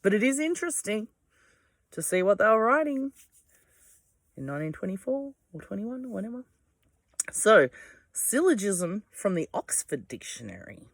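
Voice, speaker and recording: Here an Australian vlogger talks casually at home, the power out and candles lit, in a meandering monologue peppered with swearing. The medium-pitched, slightly bright voice swings widely in pitch at a moderate pace and pauses often, captured at studio quality with no echo.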